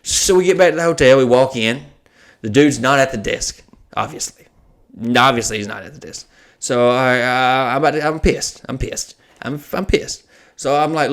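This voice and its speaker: A man hosting a podcast, telling a long story in casual chat, swearing freely and acting out what people said. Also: medium pitch. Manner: profane, animated, acts out quoted dialogue. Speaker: podcast host.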